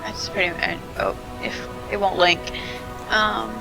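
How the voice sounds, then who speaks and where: Slow, gravelly-voiced woman player. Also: medium pitch, fairly even intonation, over loud music, rough recording. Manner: slow, hesitant, thinking aloud. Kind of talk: casual tabletop game chat.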